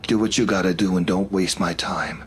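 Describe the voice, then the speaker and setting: A man's voice: low-pitched, fairly even intonation, moderate pace, slight background noise, natural voice. A man voicing a detached, haughty young man who is a dead serial killer, speaking coldly and dismissively. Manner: cold, dismissive, sneering.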